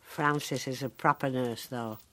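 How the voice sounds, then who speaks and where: An actress playing a sharp-tongued, ninety-five-year-old woman in a care home, telling her story in a dry, deadpan, wry way with a Northern English accent. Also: very deep voice, unhurried, heavily acted. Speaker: monologue character. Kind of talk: dramatic monologue.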